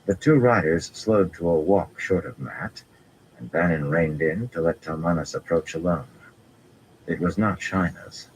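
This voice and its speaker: A man narrates a fantasy novel in a measured, unhurried read-aloud manner. His voice is extremely deep and low. A faint ambient hum runs underneath the reading. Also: rough recording. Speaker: audiobook narrator.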